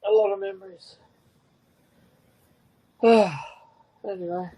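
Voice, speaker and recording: An older man, a grieving father who speaks in halting, repeated phrases with a tearful, breaking voice. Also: sits high, steady tone, dark tone, slightly rough, low-quality recording. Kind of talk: emotional interview talk.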